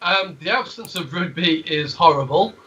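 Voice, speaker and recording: High-pitched guy, bright voice, taking the mick, muffled call audio. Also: moderate pace, recorded from a distance. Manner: teasing, sarcastic. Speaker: co-host. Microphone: video call.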